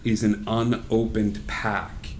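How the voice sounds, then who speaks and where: A man running a live-streamed tabletop game as game master, telling the scene in a lively, descriptive way with plenty of fillers. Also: fairly low pitch, slow, slight background noise.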